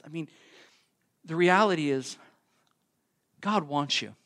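A man preaching a sermon, passionate and conversational, swinging between soft, intimate lines and loud, emphatic bursts. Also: on the high side, a little slow, pauses often. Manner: conversational with fillers and repeats. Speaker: pastor.

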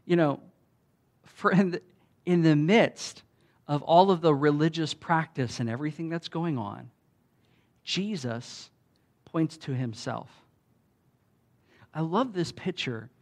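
A man preaching a sermon in a conversational way, with restarts, often rising loud when he quotes. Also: fairly high pitch. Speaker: pastor.

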